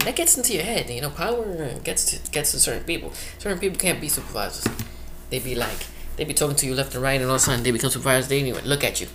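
A man hosting a one-man comic monologue about the workplace, chatting casually and acting out coworkers in quick quoted bits. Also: medium pitch, animated, background noise. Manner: chatty, acts out quoted coworkers, laughs at own stories. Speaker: one-man show host. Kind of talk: rambling comic monologue about work life.

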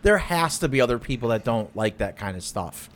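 A man's voice: medium pitch, fairly quick. A man co-hosting a podcast in casual chat, telling stories with lots of swearing and acting out what people said. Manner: animated storytelling, swearing, acts out quotes loudly. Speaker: podcast co-host.

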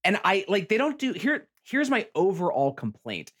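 A man's voice: sits high, huge pitch swings, moderate pace, a bit bright, slightly rough. A man co-hosting a podcast, chatting casually about a TV series, rambling with many restarts and acting out lines. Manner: rambling, restarts often, acts out quotes. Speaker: podcast co-host. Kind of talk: casual chat reviewing a TV show.

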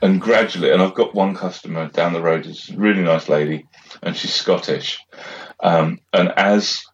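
Deep-voiced, swearing middle-aged man. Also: moderate pace, lo-fi sound. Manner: rambling, swears freely, laughs a lot. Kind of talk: casual chat.

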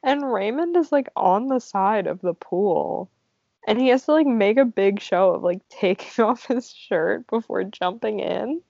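A woman's voice: medium pitch, expressive, unhurried, vocal fry, a little mellow, no room sound. A young woman co-hosting a casual movie podcast, giggly and saying "like" constantly. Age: young adult. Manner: giggly, heavy on "like". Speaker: podcast co-host. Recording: dry, muffled lo-fi audio.

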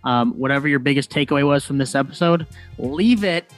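A man's voice: mid-range voice, brisk, faint music behind. A man who is a videographer, guesting on a podcast in casual, teasing chat.

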